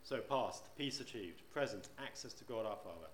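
A man's voice: on the low side, animated, moderate pace, a little hiss or hum. A man preaching a sermon in church, conversational, often asking the congregation rhetorical questions. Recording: roomy church echo.

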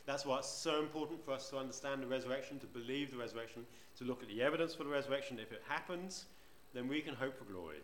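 Preacher in an echoey church. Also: male voice, mid-range voice, quick pace, few pauses, fairly bright tone, a little hiss or hum. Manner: conversational, asks the congregation rhetorical questions. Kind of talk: sermon. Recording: roomy church echo.

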